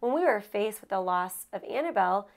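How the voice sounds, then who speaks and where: This medium-pitched woman talks fairly quickly and expressively, with vocal fry, while co-hosting a candid, casual conversation about her own marriage. She's emotional and earnest, often laughing and losing track of her thoughts, with rambling speech full of restarts.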